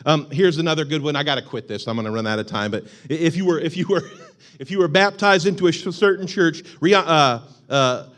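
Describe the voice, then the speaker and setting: A man preaches to his congregation with an easy, joking manner. He is a young adult pastor whose voice sits slightly high. He laughs along with his own stories and throws in mock shouts. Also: fairly quick. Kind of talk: sermon. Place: church sanctuary.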